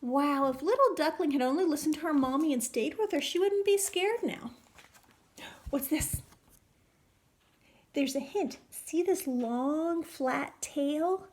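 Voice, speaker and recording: A woman teacher reading a picture book aloud to young children, animated and full of questions. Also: sits high, slow. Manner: animated, questioning, sing-song.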